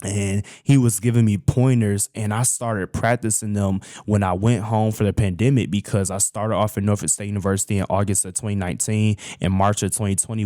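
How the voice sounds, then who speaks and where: A man's voice: fairly low pitch, warm tone, dry recording, clean studio sound. A young man hosting his own show, chatting about his college days in a casual, talkative way and addressing listeners as "y'all". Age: young adult. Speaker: host. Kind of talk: casual personal storytelling.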